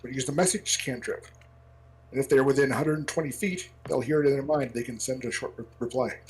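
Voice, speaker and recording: A man's voice: medium pitch, a little fast, breathy edge. A man playing a tabletop game, eager and stammering as he plans his move. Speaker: player. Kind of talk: casual game chat.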